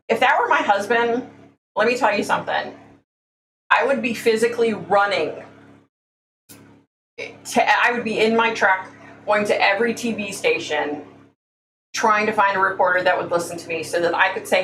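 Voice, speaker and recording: A woman's voice: medium pitch, moderate pace, pauses often, fairly bright tone, faint music behind. Blunt woman, echoey livestream. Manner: blunt, opinionated, says "y'all". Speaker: livestream host. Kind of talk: casual livestream chat. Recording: echoey room, faint hum, mic at a distance.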